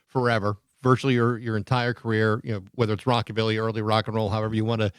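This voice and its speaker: A man's voice: lowish voice, flat delivery, fast talker, smooth, dry recording, studio quality. A male host asking the guest eager, winding questions in an interview.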